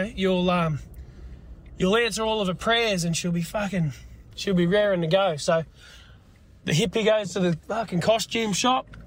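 A man's voice: high voice, a bit bright, slight background noise. An Australian man calling in and telling a crude, rambling joke as a voice message. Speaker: caller.

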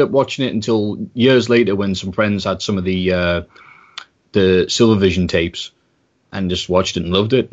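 British guy on a podcast, chatty and animated, lowish voice, kinda muffled. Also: normal speed. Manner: animated storyteller, swears, slips into impressions. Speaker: podcast guest. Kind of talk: casual podcast chat. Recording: slightly muffled audio.

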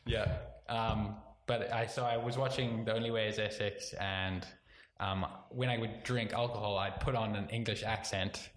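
A man's voice: lowish voice, steady tone, a bit bright. Rambling South African man in his twenties. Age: 20s. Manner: rambling, filler-heavy, quick to laugh. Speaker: comedian guest. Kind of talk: casual podcast chat. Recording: echoey room, faint background noise.

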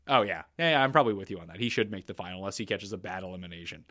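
A man's voice: low-pitched, rapid-fire, bright, forceful tone. A man hosting a podcast, chatting casually and bluntly about a reality show. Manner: blunt, opinionated. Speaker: podcast host.

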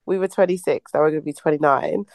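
A woman in her late twenties trades teasing banter as a podcast co-host, her voice sitting slightly low. The sound is close and dry, with no room echo. She joins over a remote call. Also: fast, a little mellow. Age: late 20s. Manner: playful, teasing, laughs a lot. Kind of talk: casual chat.

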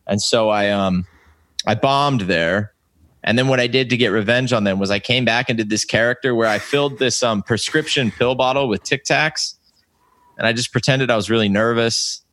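A man's voice: mid-range voice, moderate pace, fairly bright tone, dry recording. A man in his thirties tells comedy stories in a loose, rambling way, full of fillers and restarts. His voice sits in a middle register, and the recording is close and dry. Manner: rambling, self-interrupting anecdotes with many fillers. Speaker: comedian guest. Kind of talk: casual storytelling chat.

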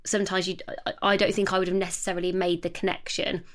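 A woman's voice: lowish voice, little pitch movement, fast talker. A woman in her thirties co-hosting a casual book chat, thinking aloud and restarting her sentences. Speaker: podcast co-host. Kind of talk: casual chat about books.

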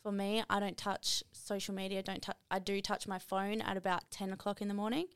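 Upbeat young woman with a gravelly edge. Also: mid-range voice, brisk, dry recording. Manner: energetic, emphatic, many fillers like "like". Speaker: podcast guest, running coach and motivational speaker. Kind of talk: casual podcast chat.

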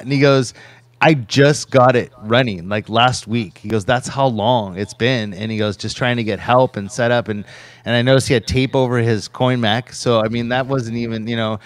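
A man's voice: mid-range voice, fairly even intonation, moderate pace, no room sound. A man co-hosting a livestream who tells a long casual story about his day, rambling with many repeats of "he goes" and raising his voice to act out quotes. He is tired and his voice is off tonight. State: voice problems, tired from a busy day. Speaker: co-host, vending operator.

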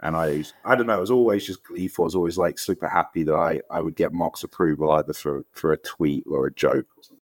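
A deep-voiced man with a London accent tells anecdotes on an interview podcast. He speaks casually and animatedly, slipping into quoted voices. The sound is dry and close. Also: fast, dry recording. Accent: London English. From England. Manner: animated storyteller, acts out quotes with jumps in pitch. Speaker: guest actor.

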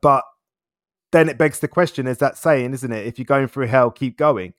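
Guy talking things over slowly, chuckles a lot, dry close mic. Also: mid-range voice, no echo. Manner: reflective, laughs often, repeats words as he thinks. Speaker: guest. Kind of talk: casual conversational interview.

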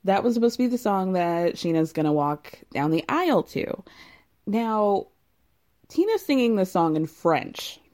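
Woman host, warm mellow tone, chatty and opinionated. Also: medium pitch, big pitch swings, unhurried. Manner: opinionated, gossipy, laughs often. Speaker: host recapping a reality show. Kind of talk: casual chatty commentary.

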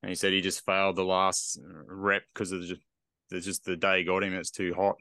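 Male co-host, very low, forceful, dry sound. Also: completely flat delivery, normal speed, clean tone, no room sound. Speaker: podcast co-host. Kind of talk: casual chat.

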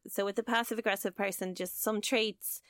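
A woman's voice: medium pitch, fairly even intonation, fairly quick, a bit bright, no room sound, clean studio sound. A woman co-hosting a podcast, talking through scenarios in a chatty way. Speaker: podcast co-host. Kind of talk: casual discussion.

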